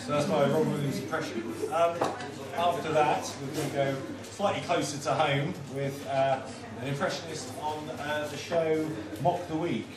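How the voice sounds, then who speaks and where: A young man compering a stand-up night in a halting, deadpan way. His voice is fairly high. He is recorded far from the mic in an echoey bar room with noise behind. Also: a crowd in the background. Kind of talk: stand-up comedy. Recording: echoey bar heard from afar, noisy.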